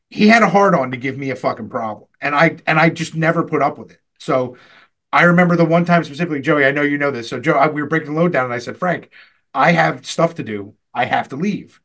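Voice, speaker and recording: A slightly high-voiced man on a podcast, rambling through a crude workplace story with plenty of swearing and laughter. He talks in a loose, casual way, stopping and restarting his sentences as he goes. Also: a bit bright. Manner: profane, rambling, quick to laugh. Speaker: podcast host.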